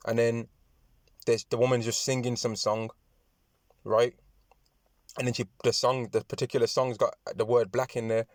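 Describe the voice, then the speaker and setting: A man preaching and reading scripture aloud, talking in repetitive, halting phrases with many restarts, often tagging lines with "man" and "right". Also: mid-range voice, no room sound, studio quality. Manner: addresses listeners with "man" and "right". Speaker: religious speaker.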